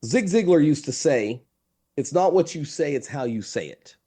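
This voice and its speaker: A man talking as a marketing guest in a relaxed interview, telling stories with emphasis. His pitch swings widely and keeps his delivery animated, and his voice sounds warm and mellow. He leans on his key phrases and repeats them. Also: moderate pace, slightly rough. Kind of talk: conversational interview storytelling.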